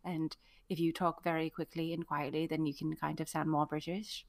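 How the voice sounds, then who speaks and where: A woman's voice: sits low, flat delivery, moderate pace. A woman co-hosting a podcast in casual, playful chat. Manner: playful, jokey. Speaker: podcast co-host.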